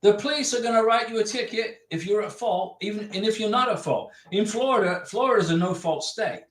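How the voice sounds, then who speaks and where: Chatty man with a high voice in an echoey room. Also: a little fast. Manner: chatty, reads out viewer comments, repeats points emphatically. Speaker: livestream host giving visa advice. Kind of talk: casual livestream advice.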